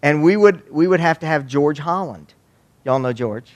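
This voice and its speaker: A man's voice: on the high side, moderate pace, dull audio. A man from Waco, giving a humorous storytelling talk on youth ministry to an audience. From Waco, Texas. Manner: folksy, joking, animated.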